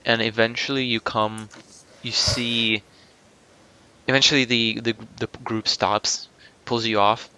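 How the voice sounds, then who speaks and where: A man's voice: lowish voice, gravelly, sharp tone, smooth. A man narrating a tabletop game as game master, hesitant with many ums and restarts.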